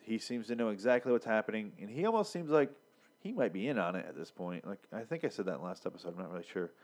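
A young man casually recapping a TV episode, rambling and sarcastic with lots of swearing and filler words. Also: fairly low pitch. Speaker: podcast host reviewing a TV episode.

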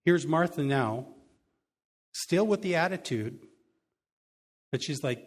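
A man's voice: mid-range voice, expressive, a little slow, long pauses. Conversational male preacher reading scripture. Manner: conversational, chuckling asides. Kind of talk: sermon reading scripture with commentary.

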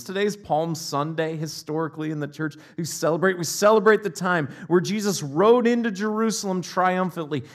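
Man preaching, slightly high voice, big swings between loud cries and near-whispers. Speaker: pastor. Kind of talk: sermon.

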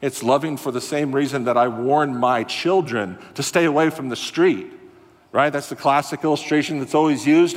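A man preaching a sermon as a pastor, earnest and animated, rising to loud emphasis and dropping to quiet asides. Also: medium pitch, normal speed. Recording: long hall reverb.

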